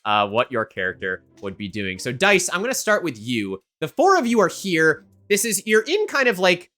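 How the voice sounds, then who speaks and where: A woman running a tabletop game as game master, narrating in a relaxed way with frequent fillers. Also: fairly low pitch, moderate pace.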